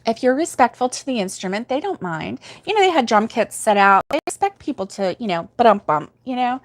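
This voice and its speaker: A woman's voice: on the high side, expressive, a little fast. Chatty older woman, laughing often. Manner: chatty, laughs often, reads viewer comments aloud. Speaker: host of a crochet livestream. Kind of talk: casual chat and storytelling.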